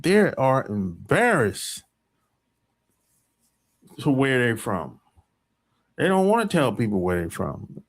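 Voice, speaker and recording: A man's voice: fairly high pitch, vocal fry. An American man hosting a podcast, talking in a rambling, emphatic opinion monologue full of profanity. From United States. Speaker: podcast host.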